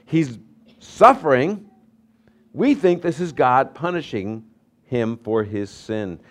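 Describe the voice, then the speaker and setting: Male pastor, mid-pitched voice, animated sermon delivery with dramatic rises and quiet asides. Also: slow. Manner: animated preaching with anecdotes, swinging loud and soft.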